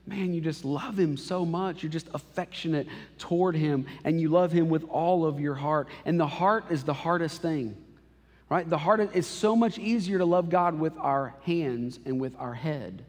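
Male pastor, 30s, slightly high voice, conversational and emotional sermon delivery, live church hall reverb. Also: normal speed, a little mellow. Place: church auditorium.

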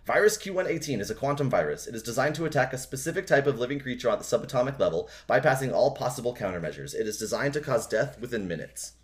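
A man's voice: medium pitch, expressive, fast talker, few pauses, voice pushed up, lightly acted. A man voicing a ship computer in a book reading, answering in a plain, informative way. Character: flat-toned ship computer answering questions.

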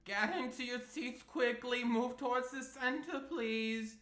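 A man's voice: extremely high pitch, a little slow, pitched above the performer's own voice, heavily acted. A man voicing a bossy female school teacher herding students into their seats, reading a script aloud. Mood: commanding. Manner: loud, raised, directing a crowd. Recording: echoey room.

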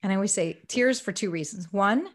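A woman's voice: medium pitch, a little fast. A woman guest in an interview, earnestly telling stories and acting out what people said. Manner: earnest, animated, acts out quotes. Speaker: ministry guest. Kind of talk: conversational storytelling.

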